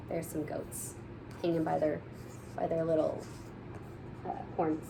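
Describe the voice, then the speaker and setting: A woman's voice: sits low, completely flat delivery, unhurried, gravelly, long pauses, mellow, a little hiss or hum, low-quality recording. A young woman teacher reading a picture book aloud to kindergarten children in a playful storytelling manner.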